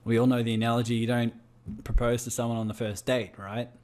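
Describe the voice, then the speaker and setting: A man's voice: medium pitch, flat delivery, fast talker, a little mellow. A man with an Australian accent leading a group coaching call over a video call, firing rhetorical questions at his listeners. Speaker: business coach.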